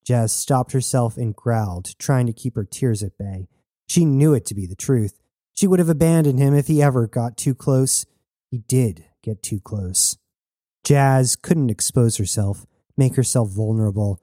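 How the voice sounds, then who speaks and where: A man narrating an audio drama in an even, measured storytelling manner. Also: medium pitch, no room sound, studio quality. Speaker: narrator and sole performer.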